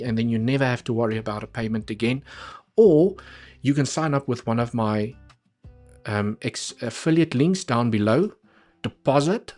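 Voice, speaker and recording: A man's voice: mid-range voice, darkish tone. A man talking casually through trading charts on a live stream, chatty and repeating points for emphasis.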